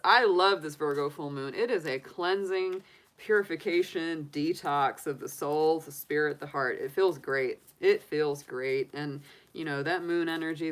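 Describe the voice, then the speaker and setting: A woman giving a live tarot reading in a chatty, animated way, laughing often between points. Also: low voice. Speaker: tarot reader.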